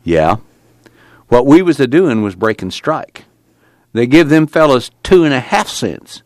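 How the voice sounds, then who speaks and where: A man playing a beaten-up young farmhand in a story reading, drawling in rough rural dialect, a bit higher than the reader's own low voice and very lively in pitch. it's a dry, close recording. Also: measured pace, no room sound. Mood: anguished. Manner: drawling rural dialect, raises to strained grief. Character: young man, battered, weary and shaken.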